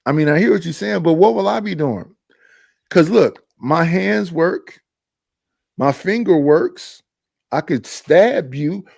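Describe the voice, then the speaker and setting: A man's voice: on the high side, creaky, dry recording, studio quality. Emphatic middle-aged man on a stream. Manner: emphatic, animated storytelling with frequent repetitions. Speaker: stream host. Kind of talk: casual chat.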